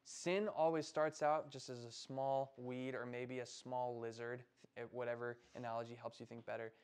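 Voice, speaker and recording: A young man with an American accent preaches to a group of middle schoolers, his pitch sitting right in the middle of the range. He keeps it loose and chatty, checking in with the kids as he goes. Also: level tone, moderate pace, darkish tone, smooth. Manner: casual, conversational preaching with frequent "right?" and "like". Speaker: youth pastor.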